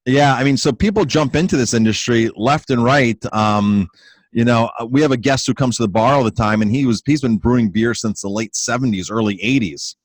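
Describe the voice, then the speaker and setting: An enthusiastic man hosting a casual interview podcast, chatting loosely and doubling back on his phrases. His voice sits at an ordinary middle pitch. The sound is dry and close, with no room echo. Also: fairly quick. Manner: enthusiastic, repeats words and phrases. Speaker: podcast host and restaurant owner.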